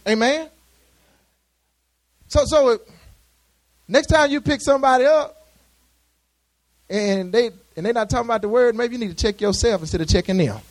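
A man's voice: very high-pitched, normal speed, pauses often. A male pastor, preaching a sermon in a conversational way with repeated restarts and calls for amens. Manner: conversational preaching with many restarts and call-and-response.

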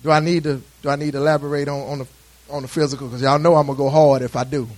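Male pastor, high voice, chatty call-and-response sermon with many restarts. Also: level tone, very fast, darkish tone.

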